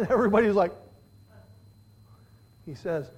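Praying aloud in the first person, a preacher delivers a fervent sermon that shifts between quiet pleading and loud, shouted appeals. The voice is medium-pitched and the pace unhurried.

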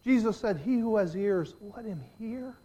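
A preacher delivering an impassioned sermon, moving from hushed, pleading lines to loud, shouted appeals and voicing prayers aloud in the first person. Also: mid-range voice, moderate pace, husky.

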